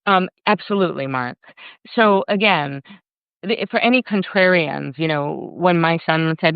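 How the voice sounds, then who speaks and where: A woman speaking as a guest in a casual live video chat, animated and freely swearing, acting out her inner voice in quotes. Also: low voice, normal speed, vocal fry, smooth, no echo, highs cut off. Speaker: guest, workshop leader. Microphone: video call.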